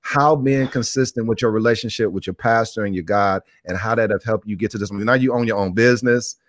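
A man's voice: lowish voice, quick pace, dry recording. A pastor preaching on a live church broadcast, exhorting his people and repeating phrases as he calls out to the room.

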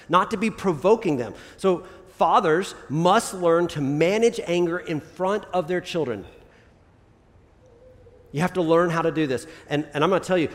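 A man preaching a casual, conversational sermon as a pastor, often checking in with his listeners with "right?" and "okay?". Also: high-pitched. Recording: long reverb of a large hall.

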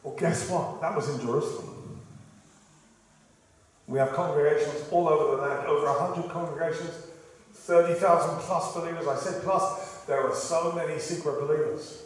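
A man from England preaching a sermon with animated scripture quotes and joking asides. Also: a little high. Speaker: pastor. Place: church hall. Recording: echoey hall, speaker far from mic.

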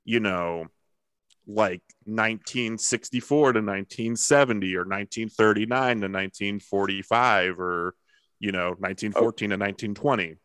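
Male podcast host, low-pitched, casual and filler-heavy, with a dry, close sound. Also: normal speed, a bit bright, clean tone, no echo. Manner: easygoing, questioning, filler-heavy.

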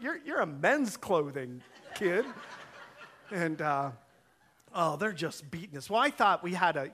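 A man preaching a sermon as a pastor, telling a story with lively quoted dialogue, his voice rising and falling as he acts out each part. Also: on the high side. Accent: Ohio. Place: church sanctuary.

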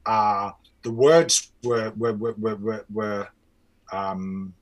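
A man from New Zealand with a New Zealand accent, telling a story in a relaxed, rambling way in an interview. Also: lowish voice, slow pace, rough recording. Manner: relaxed, rambling with many restarts. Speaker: music producer guest.

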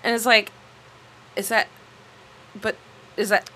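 A woman co-hosting a podcast, recapping a movie in casual chat, sarcastic and animated, swearing freely. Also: medium pitch, takes it slowly, low-quality recording. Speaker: podcast co-host.

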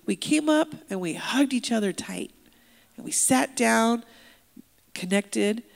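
A woman interpreting a deaf pastor's sermon aloud, telling a story with lively voiced quotes. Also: a little high, normal speed, gravelly, long reverb tail. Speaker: sign language interpreter voicing a deaf pastor. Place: church sanctuary.

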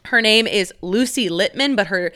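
A young woman chats on her own podcast in a loose, filler-heavy way, swearing freely and giggling through her stories. Her voice is bright and smooth, with a clean, clear tone. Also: mid-range voice, moderate pace. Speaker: podcast host. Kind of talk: casual solo podcast chat.

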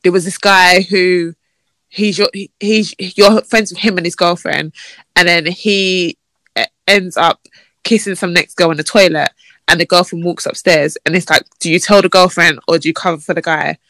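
A woman's voice: fairly even intonation, moderate pace, a bit bright, dry recording. A woman, chatting on a podcast and telling stories, acting out messages in a mocking voice. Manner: chatty and storytelling, acts out messages in a mocking high voice. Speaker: podcast co-host. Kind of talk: casual chat.

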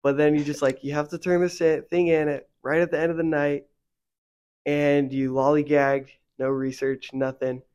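Speaking at a moderate pace in a fairly high voice, this young faith podcast co-host rambles casually and fills his talk with verbal fillers. When he starts venting, he gets animated and heated.

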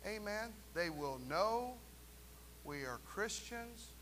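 Pastor, male. High, bright voice, animated preaching with quips and asides. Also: slow pace, slight background noise. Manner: animated preaching with jokes and call-and-response asides. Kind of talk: sermon. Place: church sanctuary.

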